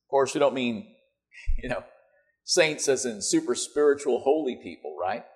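A man's voice: medium pitch, expressive, normal speed. A man preaching a conversational sermon to his church, joking in asides and checking in with "right?" and "you know".

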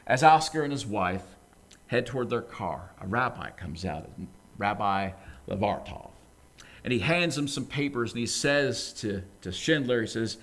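A man's voice: mid-range voice, expressive, measured pace, a bit bright. A male preacher giving a sermon, telling a story earnestly and building up to fervent, emphatic exhortation.

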